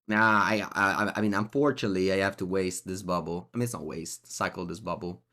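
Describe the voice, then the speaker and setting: A man's voice: low voice, fairly quick, bright, forceful tone. A man with an Italian accent giving live, chatty commentary as he plays, talking to himself and to his chat. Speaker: streamer.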